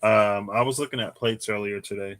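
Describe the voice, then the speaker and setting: A man's voice: on the low side, fairly even intonation, brisk, heavy background noise. A man doing a casual live tarot reading, chatty and given to laughing and wandering off into asides. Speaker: tarot reader.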